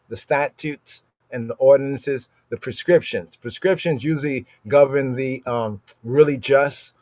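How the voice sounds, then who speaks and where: A man's voice: medium pitch, dark tone, dry recording. A man giving a conversational Bible teaching. He keeps checking in with "right?" and repeats and defines Hebrew words. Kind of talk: Torah study talk.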